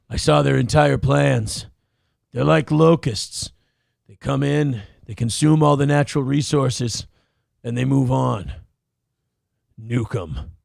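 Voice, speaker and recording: A man co-hosting a talk stream, ranting loudly with heavy swearing and sarcasm. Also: mid-range voice, steady tone, slow, creaky, dry recording, studio quality. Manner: loud, sarcastic, swearing, jumps into mocking put-on voices. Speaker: co-host. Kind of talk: profane rant on a morning talk stream.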